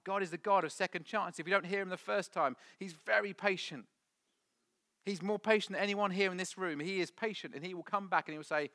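A man preaching a sermon to a congregation, with dramatic swings from loud to hushed. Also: on the high side, normal speed. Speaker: pastor. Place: church hall with audience.

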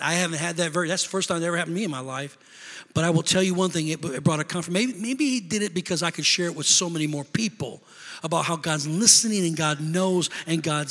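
In a large church hall, a middle-aged pastor delivers a sermon in a bright, ringing voice that's a little high for a man, trailing a long reverb. He tells stories, surging into loud bursts before sinking to a hushed, confessional tone.

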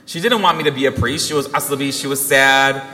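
Young man, priest, earnest storytelling sermon, bright voice, long church reverb. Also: mid-range voice, brisk. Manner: storytelling with quoted family dialogue, earnest. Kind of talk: Christmas sermon.

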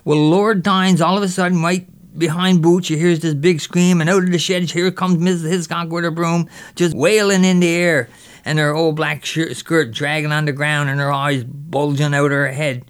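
A man voicing a mischievous boy who spins a lively tale in local dialect. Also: on the high side, normal speed, clear, resonant tone, close to an everyday voice. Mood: boastful. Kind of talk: character storytelling.

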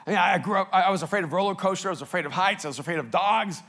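A man from El Salvador preaching a sermon, telling stories with big swings from soft to loud. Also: high voice, very fast. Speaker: pastor.

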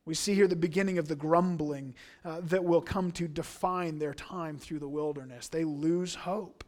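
Pastor, male, higher-pitched voice; earnest, emphatic sermon delivery, dropping to hushed asides and then rising. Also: steady tone, normal speed. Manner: earnest, emphatic preaching with swings from hushed to loud.

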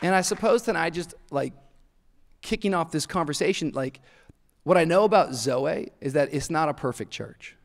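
A man in his thirties preaching a sermon in a church, an animated storyteller who acts out voices and laughs often. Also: a little high, normal speed, creaky. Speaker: pastor. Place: church auditorium. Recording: large hall reverb.

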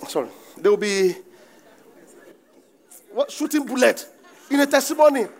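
A Nigerian man in middle age delivers a sermon with a high voice. His pitch leaps and dips all over the place as he preaches. He bursts into shouts and laughter between points. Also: lively intonation, moderate pace, long pauses. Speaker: pastor.

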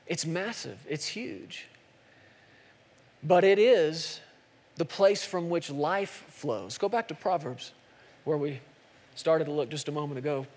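Male pastor, sermon delivery, high-pitched, punchy repeated calls, reverberant church room. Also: slow, long pauses, a little mellow. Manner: preaching with rising intensity and repeated calls.

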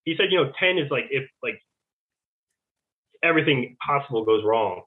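A man's voice: medium pitch, expressive, normal speed. A man speaking as a guest over the phone, rambling and full of fillers, often retelling conversations. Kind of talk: rambling phone interview storytelling. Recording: tinny phone line.

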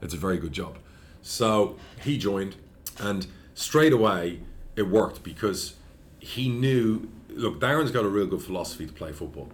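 A man's voice: lowish voice, measured pace. A man, a football club chairman telling stories in an interview, blunt and profane. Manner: blunt, profane, animated storyteller. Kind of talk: anecdotal interview storytelling.

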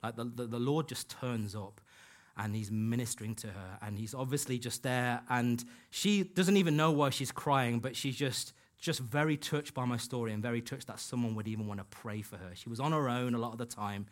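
A man's voice: mid-range voice, moderate pace, hardly any pauses. Man preaching an earnest story. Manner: earnest storytelling, acts out quoted dialogue. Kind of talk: sermon with personal stories. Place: church hall.

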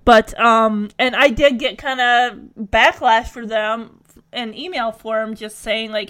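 A woman's voice: fairly high pitch, slow, fairly bright tone. A young adult woman reviewing a TV episode in casual commentary, chatty and emotional, with lots of fillers.

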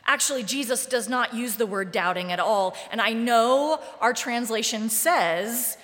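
A woman pastor preaching a sermon in a church sanctuary, deliberate and wry in a conversational way, with the long reverb of the sanctuary around her voice. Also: fairly high pitch, a bit bright. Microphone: live-streamed service mic.

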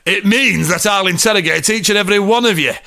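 A man voicing a pompous, blustering male inspector who booms and bursts into shouts. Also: fast talker, gravelly, heavily acted. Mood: menacing. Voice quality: booming, theatrical, bursts into shouts.

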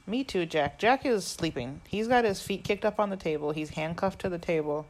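A woman's voice: lowish voice, expressive, moderate pace, rough recording. A woman co-hosting a podcast, casually recapping a movie scene by scene. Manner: chatty, recaps with quoted lines. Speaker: podcast co-host.

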